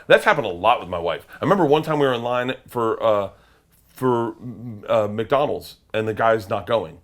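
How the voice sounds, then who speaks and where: A middle-aged comedian telling wild stories as a guest, swearing freely and acting out the other people's voices, sometimes shouting. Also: male voice, medium pitch, expressive, moderate pace. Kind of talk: animated storytelling.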